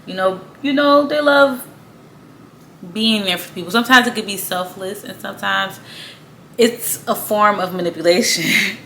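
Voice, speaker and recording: A woman with a bright, forceful voice talks straight to camera in a loose, slangy monologue. She is blunt and swears freely. A faint hum sits behind her. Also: medium pitch, measured pace, long pauses. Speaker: astrology vlogger. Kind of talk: casual monologue.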